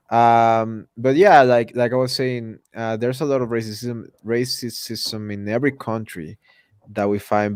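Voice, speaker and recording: A man's voice: fairly low pitch, a little mellow, no echo, clean studio sound. A man from Mexico chatting casually on a live stream, laughing often between restarts. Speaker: podcast host.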